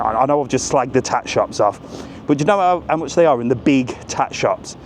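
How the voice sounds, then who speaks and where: A man's voice: fairly high pitch, fast talker, a little mellow. Man, cheeky live-stream walking chatter, talks to viewers, faint traffic behind. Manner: chatty, cheeky, talks straight to viewers and reads their messages. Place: outdoors on resort streets. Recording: faint outdoor street noise. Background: faint street and traffic noise.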